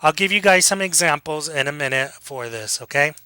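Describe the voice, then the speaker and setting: A man giving a casual classroom lecture, joking with students, acting out quick examples and checking in with a frequent "okay?". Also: fairly high pitch, lively intonation, pushed and bright, clear, resonant tone, no echo, low-quality recording. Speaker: college lecturer.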